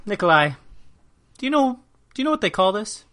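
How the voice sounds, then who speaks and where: A fist-proud brawler adventurer, played by a man leans in with slow, teasing menace. His voice is bright and rises and falls a lot. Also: high-pitched, very animated, voice pushed up, exaggerated voice. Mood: menacing.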